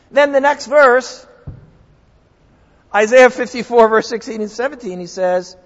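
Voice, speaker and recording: A man's voice: high voice, animated, moderate pace, long pauses, in a large hall, lo-fi sound. A middle-aged man, a pastor, preaching a sermon in an earnest, conversational way with emphatic repetition.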